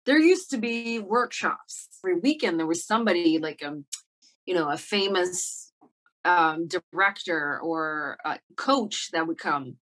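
Low-voiced woman actor, reflective. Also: expressive, unhurried, a bit bright. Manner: reflective, many fillers and restarts. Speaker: actor, interview guest. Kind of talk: casual interview talk. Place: Montreal.

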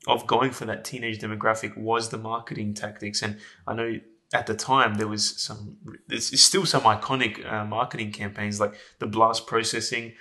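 Bright-voiced man asking halting questions. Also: fairly low pitch, flat delivery. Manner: long halting questions full of restarts. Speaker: interviewer, podcast host. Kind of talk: casual interview.

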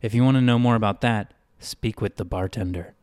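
A man voicing a nervous male prisoner who gives blunt, hushed warnings about the town's rules. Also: lowish voice, fairly quick, clear, resonant tone, no room sound, clean studio sound, lightly acted. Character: jittery male long-time prisoner, fearful and blunt.

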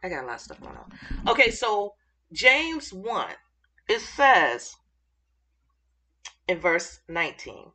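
A woman giving an informal Bible teaching, excited and halting as she searches for verses mid-thought. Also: on the low side.

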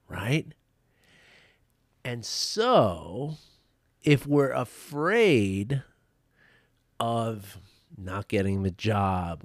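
A man's voice: medium pitch, dry recording, studio quality. A man, a meditation teacher, giving a casual motivational talk, chatty and full of restarts and "right?" tags.

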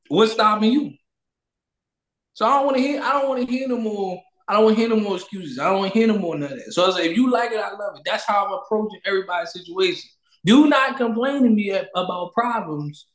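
Male host, casual chat, high voice, repeats catchphrases, echoey room. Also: animated, fast talker. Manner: loose, preachy, repeats catchphrases. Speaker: podcast host.

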